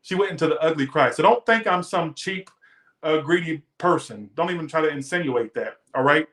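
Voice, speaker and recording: A man's voice: a little high, animated, a little fast, fairly bright tone, roomy sound. A man reading tarot who rants defensively and emphatically to his viewers in casual talk. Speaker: tarot reader.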